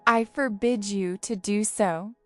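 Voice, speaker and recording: A pompous but good-hearted king who turns every remark into a royal order, played by a woman reading a storybook. He speaks in a stately, commanding way at a middle pitch, and soft music plays behind him. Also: takes it slowly, close to an everyday voice. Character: pompous male king, absolute yet kindly.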